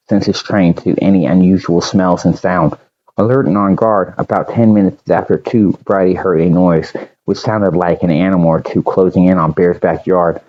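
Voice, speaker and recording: A man reading an original story aloud, unhurried, with a few slips and restarts. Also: deep voice, highs cut off.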